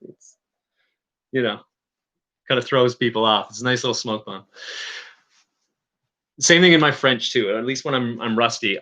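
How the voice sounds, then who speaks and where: A man from Newfoundland chatting casually to his viewers, rambling and halting, with many restarts and chuckles. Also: medium pitch, bright, forceful tone. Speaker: streamer.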